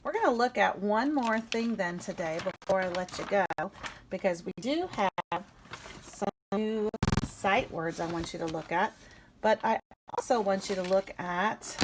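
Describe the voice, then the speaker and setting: Slow, clear woman teaching phonics. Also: mid-range voice, noisy background. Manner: slow and clear, sounding out letters; encouraging, speaks to young children. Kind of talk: early-reading phonics lesson.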